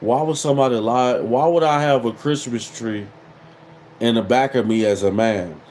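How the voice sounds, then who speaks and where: A man's voice: mid-range voice, normal speed, a little mellow, a little hiss or hum, low-quality recording. A man in his thirties hosting a casual livestream, reading viewer comments and mocking them with repeated catchphrases. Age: 30s. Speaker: livestream host.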